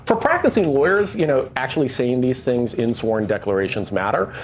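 Male legal guest, rapid explanatory delivery, light background hiss. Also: medium pitch, lively intonation. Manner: quick, eager, explanatory. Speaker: former federal prosecutor, guest.

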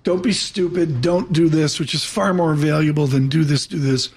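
A man hosting a live markets broadcast, chatty and quick, jumping from topic to topic. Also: a little high, steady tone, darkish tone. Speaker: radio and TV markets host.

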